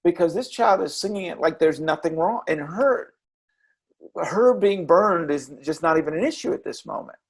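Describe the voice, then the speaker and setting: Earnest gravelly man telling stories. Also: a little high, animated. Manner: earnest, halting with repeated restarts. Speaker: interview guest, former children's character performer. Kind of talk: reflective storytelling.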